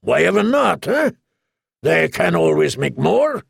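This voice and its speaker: A man voicing a sly, greedy male merchant prince who teases and bargains in a slow, drawling way. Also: fairly high pitch, very animated, gravelly, slightly rough, dry recording, studio quality, pitched above the performer's own voice, full character voice. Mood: sly wheedling.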